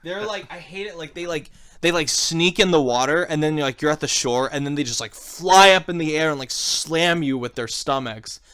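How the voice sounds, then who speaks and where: A slightly high-voiced man hosts a casual chat, rambling and swearing with eager energy. The sound is close and dry, with no room behind him. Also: normal speed, dry recording. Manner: excited, swears a lot, rambling. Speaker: podcast host.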